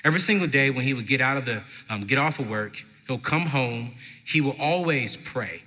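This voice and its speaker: Bright-voiced man speaking in a hall. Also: medium pitch, animated. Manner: emphatic storytelling with slow, dramatic pauses. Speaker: motivational speaker at a parenting event. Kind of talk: live inspirational talk to an audience. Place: large event hall with live audience. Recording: long hall reverb from a live venue.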